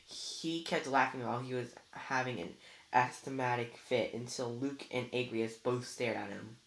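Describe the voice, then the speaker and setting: A reader narrating a novel aloud in a plain, steady way. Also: medium pitch, unhurried, vocal fry. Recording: roomy echo.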